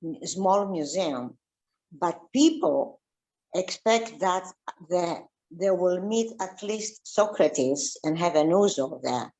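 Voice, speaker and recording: Woman, Greek accent, archaeologist guest, slightly low voice, halting, full of fillers. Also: lively intonation, warm tone, poor audio. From Greece. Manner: halting, many fillers and restarts. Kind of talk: casual interview chat.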